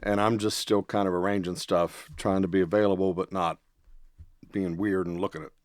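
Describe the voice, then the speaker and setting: A man hosting a podcast, telling a casual anecdote in a rambling, animated way with many fillers. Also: deep voice, normal speed, no echo, studio quality. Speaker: podcast host. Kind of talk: casual storytelling.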